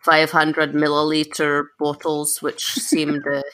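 A woman at a tabletop game table speaks at a fairly low pitch with a bright tone. Her humor is dry and sarcastic. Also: completely flat delivery, takes it slowly. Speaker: player. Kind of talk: casual tabletop game play.

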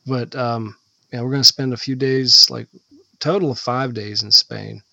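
A man co-hosting a podcast in casual chat, rambling and halting with many restarts. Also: medium pitch, steady tone, vocal fry, pushed and bright, dry recording. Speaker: podcast co-host. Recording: slightly dull lo-fi sound.

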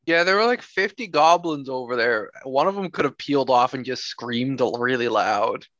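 A man's voice: mid-range voice, lively intonation, normal speed, a bit bright, dry recording, highs cut off. A man playing in a tabletop game, chatting in an easygoing way. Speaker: player. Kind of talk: casual chat.

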